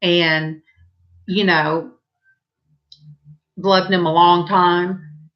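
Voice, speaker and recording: A middle-aged woman with a Southern accent, telling rambling, chatty stories in a casual vlog and brightening her voice whenever she quotes herself. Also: lowish voice, little pitch movement, very slow, lo-fi sound. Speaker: vlogger. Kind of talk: casual storytelling.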